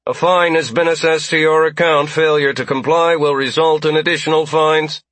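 A man voicing a robotic police droid in an audiobook, announcing violations and fines in a flat, officious way. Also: a little high, moderate pace, no echo, pitched above the performer's own voice, natural voice.

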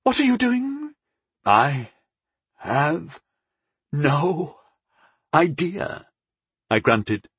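Husky-voiced male audiobook narrator. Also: mid-range voice, no room sound. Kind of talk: scripted first-person fantasy narration.

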